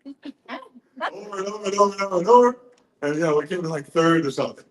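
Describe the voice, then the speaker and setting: A man in his sixties giving a rambling, profane, excitable speech to a crowd, a little drunk. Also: high-pitched, fast talker, roomy sound, poor audio. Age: 60s. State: tipsy. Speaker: conference speaker.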